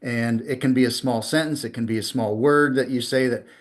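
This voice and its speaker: Brief: male podcast host, mid-pitched, eager, stumbles over sentence starts. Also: steady tone, fairly quick. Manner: enthusiastic, repeats words while starting sentences. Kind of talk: casual podcast interview.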